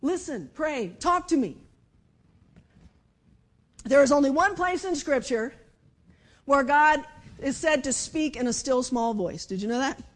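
A woman with a high voice delivers a sermon in a conversational, personal way. She moves from emphatic, raised phrases to soft, hushed speech. Her tone stays direct and engaging throughout. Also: normal speed. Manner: conversational, with dramatic shifts between loud and hushed speech. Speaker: speaker giving a devotional message.

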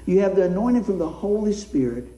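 A man's voice: high voice, big pitch swings, fast, warm tone, roomy sound, poor audio. A man preaching a sermon in a folksy, conversational way, often asking his listeners questions.

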